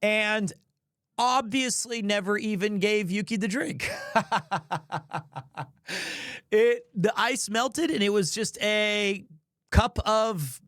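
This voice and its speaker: A man's voice: high voice, takes it slowly, pauses often, a bit bright, no room sound, clean studio sound. A man streaming, telling a funny story in a rambling, self-mocking way. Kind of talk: casual storytelling.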